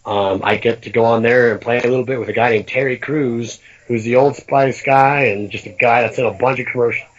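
A man's voice: medium pitch, steady tone, a little fast, hardly any pauses. A man appearing as a guest on a podcast, talking in a friendly way with frequent hesitant fillers. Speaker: guest wrestler. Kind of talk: casual interview. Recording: dull lo-fi line.

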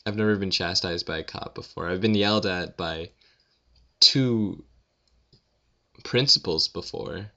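Young man, just out of bed, rambling self-deprecating vlogger; deep, gravelly, slightly muffled home recording. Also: unhurried, long pauses, pushed and bright. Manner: rambling, self-mocking, filler-heavy with frequent "like". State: just woken up. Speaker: blogger answering questions. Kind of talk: casual rambling monologue.

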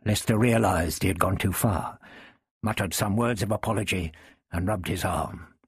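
A man reading a historical novel aloud in an expressive storytelling manner. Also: sits low, moderate pace, breathy edge, no room sound, studio quality. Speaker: narrator.

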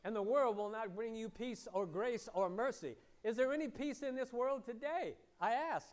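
A man preaching a sermon as pastor, asking the congregation questions, moving between loud emphasis and quiet, low asides. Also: lively intonation, moderate pace.

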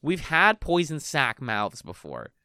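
Male co-host, bright and lively, casual game-chat delivery, dry close mic. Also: medium pitch, takes it slowly, clean tone, dry recording. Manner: animated, laughs often, swears casually. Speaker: podcast co-host.

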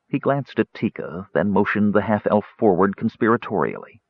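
A man reading a fantasy audiobook with an expressive, varied delivery. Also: on the low side, moderate pace, vocal fry, slightly rough, no echo. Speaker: audiobook narrator. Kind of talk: scripted fantasy narration. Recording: slightly dull audiobook recording.

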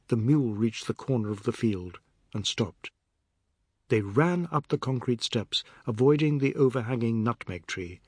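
A man narrating a novel in a measured, steady storytelling manner. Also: mid-range voice, slightly rough, no echo, studio quality. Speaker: audiobook narrator. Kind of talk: scripted narration.

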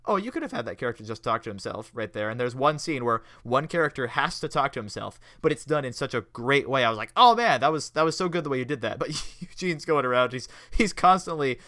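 A man's voice: medium pitch, lively intonation, fast, hardly any pauses, pushed and bright, dry recording, studio quality. A man hosting a casual podcast review chat, laughing often and acting out quotes from episodes; he sounds tired. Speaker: podcast host.

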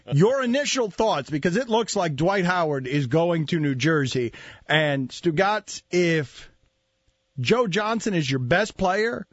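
A man hosting a sports talk radio show, talking in an animated way with laughs and mock outrage. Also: a little high, slow, dry recording, dull audio. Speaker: host.

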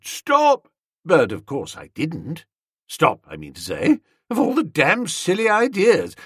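A man reading a first-person comic novel as an audiobook narrator, with lively, expressive storytelling. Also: fairly high pitch, slightly rough, dry recording, clean studio sound.

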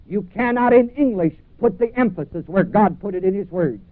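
A man's voice: high-pitched, lively intonation, normal speed, hardly any pauses, no echo, phone-quality sound. A man preaching a sermon with emphatic repetition and questions put to his congregation. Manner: emphatic, repeats phrases, asks congregation questions.

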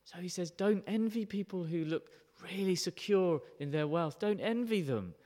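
Man preaching in an echoing hall. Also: high-pitched. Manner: animated, emphatic, quick to question the listeners. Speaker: pastor. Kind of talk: sermon.

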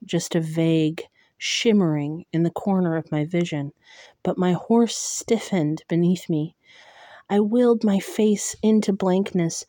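A woman reading a fantasy novel aloud in a measured audiobook narration. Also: fairly low pitch, no room sound, clean studio sound. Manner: slow, measured, hushed at tense moments.

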